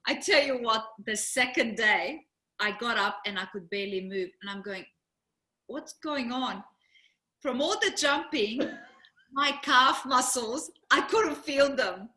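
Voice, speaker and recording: A middle-aged woman co-hosting a casual chat, telling a lively story, laughing often and acting out what people said. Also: fairly high pitch, unhurried, echoey room. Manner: animated storyteller, laughs often, acts out quotes. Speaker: co-host.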